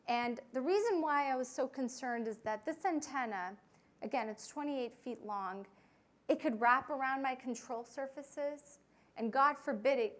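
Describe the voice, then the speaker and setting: Young woman pilot telling her story. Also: a little high. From United States. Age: young adult. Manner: frequent fillers, lively retelling with quoted voices. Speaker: pilot giving a talk. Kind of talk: storytelling talk to an audience.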